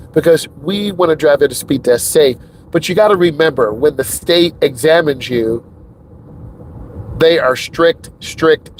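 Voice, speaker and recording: A man's voice: fairly high pitch, a little hiss or hum. A middle-aged man, a driving instructor, talking casually and emphatically while driving a car. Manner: emphatic and repetitive, chatty. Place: inside a car.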